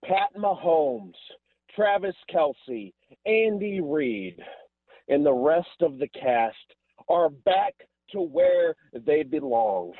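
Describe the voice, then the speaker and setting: A man's voice: on the high side, sing-song, slow, dry recording. A man calling in to a sports radio show, trash-talking brashly with theatrical swings in his voice, over a phone line. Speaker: caller. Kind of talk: excited fan call on phone line.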